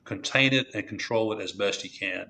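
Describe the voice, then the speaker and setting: A man in his sixties with a lowish voice, talking as a podcast guest. He is measured and reflective, circles back on his words with fillers and restarts, and weighs each point before going on. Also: pushed and bright. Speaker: true crime channel creator, guest. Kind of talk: conversational podcast interview.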